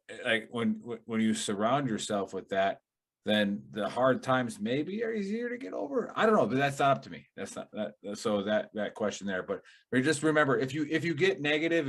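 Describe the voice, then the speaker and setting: A man with a Wisconsin accent hosting a casual chat show, rambling and animated with lots of fillers. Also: medium pitch. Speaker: podcast host.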